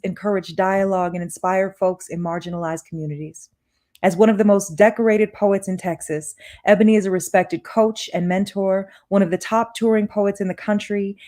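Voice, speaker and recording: A woman's voice: mid-range voice, dark tone. A woman hosting a poetry reading, chatting casually with a laugh before reading a guest's introduction. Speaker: event host.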